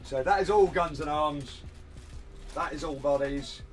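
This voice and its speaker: A man streams from his room at home, talking in a loose, rambling way while he works at a desk mic. His voice sits a little high for a man. Soft music plays in the background. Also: unhurried. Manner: rambling, chatty, self-deprecating. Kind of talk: casual hobby livestream chat.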